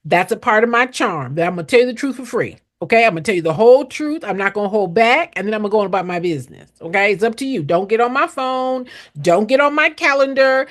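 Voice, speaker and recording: Middle-aged woman consultant: direct, emphatic teacher with a lively, higher-pitched delivery and preacher-like repetition. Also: fast talker, hardly any pauses. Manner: blunt, emphatic, preachy, repeats key lines. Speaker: nonprofit consultant. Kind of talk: direct live-stream teaching to viewers.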